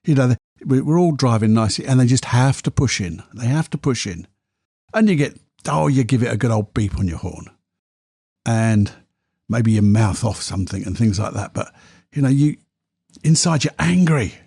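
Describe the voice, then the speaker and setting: A man's voice: medium pitch, animated, moderate pace, gravelly, mellow, slightly rough, no room sound, studio quality. A man hosting a solo podcast, telling candid, self-deprecating stories. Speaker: podcast host.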